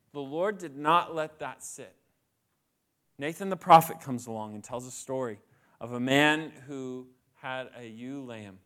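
With a high-pitched, slightly bright voice, a man delivers a sermon in a conversational manner, often asking his congregation questions.

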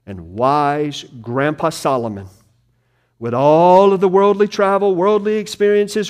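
A man preaching a sermon, reading scripture aloud and swinging between loud emphatic peaks and hushed, low phrases. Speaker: pastor.

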